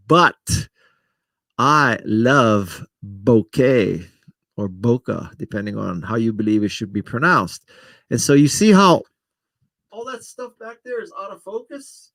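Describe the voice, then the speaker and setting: A man's voice: mid-range voice, a bit bright, no echo. Middle-aged guy rambling on his live stream, jokey and self-deprecating, dry close mic. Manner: rambling, self-deprecating, talks straight to viewers by name. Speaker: host of a live stream answering viewer comments. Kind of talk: casual live-stream chat. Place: home studio setup in front of a camera.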